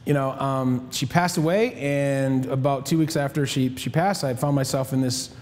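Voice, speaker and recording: A man's voice: medium pitch, fairly even intonation, moderate pace, darkish tone. Man talking loosely with long reverb. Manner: restarts words, wanders into asides. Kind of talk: casual panel conversation.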